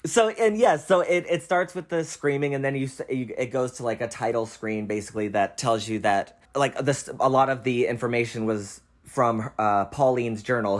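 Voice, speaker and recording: A young man in a relaxed film chat, talking at an everyday middle pitch. He is animated, laughs often and acts out quotes, with plenty of casual swearing. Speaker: host.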